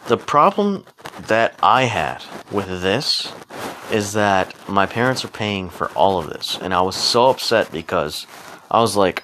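A man's voice: fairly low pitch, expressive, unhurried, pushed and bright, low-quality recording. Profane rambling man on a podcast. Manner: rambling, frank and profane, acts out what people said. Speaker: podcast host. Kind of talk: casual solo podcast monologue. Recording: noticeable background noise.

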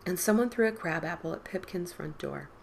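A woman podcast host reading a spooky story aloud in an expressive storybook style, dropping to whispers and rising for the characters' cries. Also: lowish voice, a little fast, vocal fry. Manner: dramatic, drops to whispers and lifts for quoted boys' cries.

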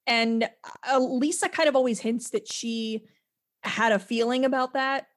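A woman's voice: a little high, fairly even intonation, measured pace. A woman co-hosting a podcast, talking casually and rambling with many fillers and restarts. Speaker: podcast co-host. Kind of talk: casual chat.

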